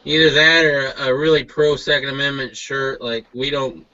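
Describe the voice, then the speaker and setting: Bright-voiced man with dry quips. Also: medium pitch, level tone, normal speed. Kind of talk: casual chat. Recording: dull podcast audio.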